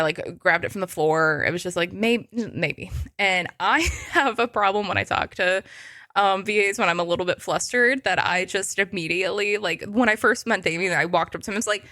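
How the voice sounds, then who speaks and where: A woman's voice: lowish voice, pushed and bright, dry recording, studio quality. A woman guest on a podcast, telling stories in casual chat with lots of filler words and frequent laughter.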